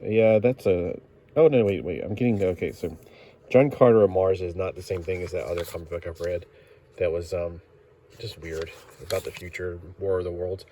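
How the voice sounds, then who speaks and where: A man with a low voice walks through an old comic book in a casual, rambling way. He stops often with fillers and corrects himself as he goes. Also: normal speed, warm tone.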